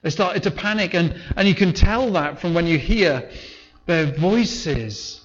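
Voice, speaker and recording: A man's voice: fairly high pitch, expressive, measured pace, highs cut off. A man preaching a sermon in a conversational way, sometimes acting out the voices of the people in the story. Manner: conversational, acts out voices in retelling.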